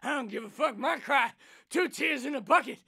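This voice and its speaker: A man doing a shouting, brash cartoon president. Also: extremely high pitch, a little fast, gravelly, breathy edge, full character voice. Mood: crude taunting. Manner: boastful, crude, shouting rants with laughing breaks. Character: brash loudmouth man playing a cyclist president. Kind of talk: improvised voice acting for a cartoon.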